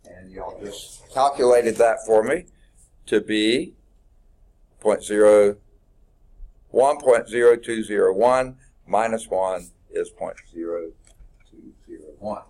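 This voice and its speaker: A middle-aged man with a drawl, lecturing a calculus class. His voice sits fairly low, and he speaks unhurriedly, in a folksy way, thinking aloud and correcting himself as he works through the problems. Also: slow, long pauses, darkish tone. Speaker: math instructor.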